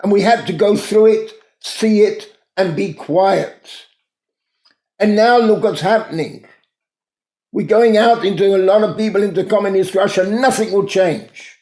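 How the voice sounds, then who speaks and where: A man's voice: high-pitched, dark tone, close to an everyday voice. A man voicing a grieving camp survivor who speaks with anguish and bitterness. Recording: roomy echo.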